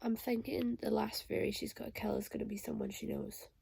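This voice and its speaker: A woman's voice: a little high, flat delivery, fairly quick, gravelly, mellow, breathy edge. A young woman vlogging emotional reactions aloud as she reads a novel. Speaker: booktuber reading a novel. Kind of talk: casual reading vlog reactions.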